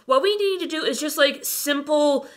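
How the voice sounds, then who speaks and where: A woman's voice: sits high, normal speed. A woman co-hosting a casual chat, talking earnestly with some hesitation. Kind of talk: casual conversation.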